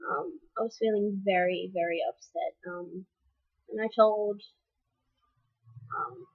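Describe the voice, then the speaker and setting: A woman's voice: mid-range voice, fairly even intonation, slow, husky. Frank young woman vlogging, lo-fi audio. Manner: frank, with fillers and restarts. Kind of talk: personal vlog update.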